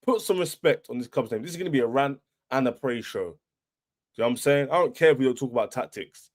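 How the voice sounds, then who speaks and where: A young man hosts a football fan livestream, ranting in a boastful, taunting way and repeating himself. His mid-range voice is expressive and brisk.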